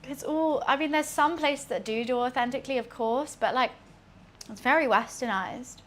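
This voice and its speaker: A young woman from Britain chats while she cooks at home for her stream, rambling with fillers and poking fun at herself. Her voice sits high and is a bit bright, at normal speed, and there is slight background noise.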